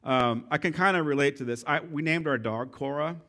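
A man's voice: fairly high pitch, a little fast. A man preaching a sermon as pastor, joking and playful in his delivery. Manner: joking, playful, self-deprecating; animated, lively delivery.

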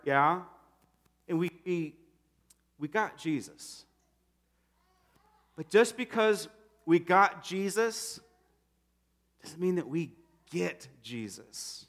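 A man in his thirties, a pastor, preaching a sermon in a conversational, animated way and acting out quotes. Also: fairly high pitch, slow, long pauses.

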